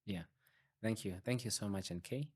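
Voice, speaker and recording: A man's voice: fairly low pitch, normal speed, breathy edge. A man from Kenya, a pastor and adventure rider, speaking as an easygoing interview guest. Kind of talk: casual interview.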